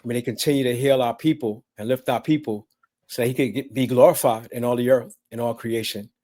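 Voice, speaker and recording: A man closing a religious talk show with a prayer, speaking in a rhythmic, preacherly way. His voice has medium pitch. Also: fairly even intonation, brisk, mellow.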